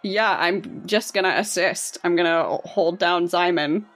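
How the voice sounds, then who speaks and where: A woman's voice: fairly low pitch, unhurried, fairly bright tone. A woman playing in a tabletop game, hesitant and restarting often. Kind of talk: casual gaming chat.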